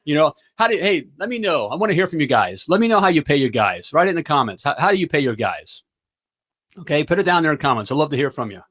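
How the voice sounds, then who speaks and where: A middle-aged man hosts a live talk show with a somewhat high-pitched voice. He talks in an energetic, motivational pep-talk style and keeps checking in with his audience. His delivery is upbeat and coaching. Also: fast talker. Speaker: talk show host and plumbing business coach.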